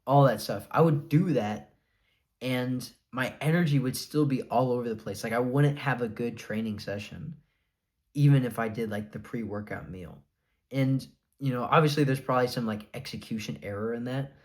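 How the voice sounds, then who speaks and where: A man's voice: medium pitch, moderate pace, a little mellow. A young man talks straight to his viewers in a loose, unscripted vlog. His voice sits in a middle register, and he rambles through his points with lots of fillers and restarts. He comes across as earnest, with a defiant edge. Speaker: vlogger sharing his diet experience. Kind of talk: casual talking-to-camera monologue.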